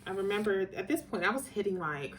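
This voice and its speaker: A middle-aged woman talks casually to her viewers, drifting into side stories and warming up as she recalls the past. Her voice sits at an ordinary pitch, and there is a faint hiss of noise behind it. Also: fast talker. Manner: chatty, digressive, animated when quoting people. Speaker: vlogger telling personal stories. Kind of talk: casual storytelling to camera.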